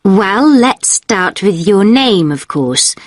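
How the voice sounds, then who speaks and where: A woman's voice: mid-range voice, big pitch swings, takes it slowly, no echo. A woman playing a polite hotel receptionist in a scripted exam dialogue, using a formal service tone. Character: courteous female hotel receptionist.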